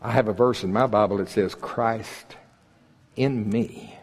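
A man's voice: lowish voice, fairly even intonation, a little slow. Folksy older male preacher in a hall. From Oklahoma. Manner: folksy, joking, builds to emphatic peaks. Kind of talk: sermon. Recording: husky voice in a large reverberant hall.

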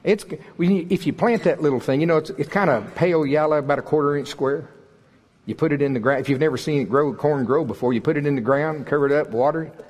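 The husky voice of a man in his sixties from Oklahoma, fairly high and a little mellow, rings through a large reverberant hall as he preaches quickly. His sermon is folksy and joking, building to emphatic peaks.

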